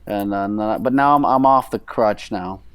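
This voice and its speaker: A man's voice: on the low side, a little fast, smooth. A man co-hosting a podcast in casual chat, rambling with many restarts. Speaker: podcast co-host.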